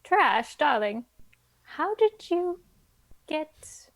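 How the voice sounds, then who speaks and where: A woman's voice: high-pitched, very animated, extremely slow, gravelly, voice pushed up, heavily acted. A woman voicing a genteel old-fashioned male vampire who calls people darling and is puzzled by modern gadgets. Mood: curious.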